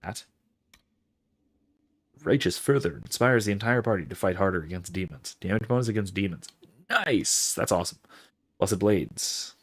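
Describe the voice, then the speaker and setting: This man streams a fantasy game, chatting away, reading viewers' messages and pondering his skills. His voice sits low, and he talks at a normal speed with long pauses.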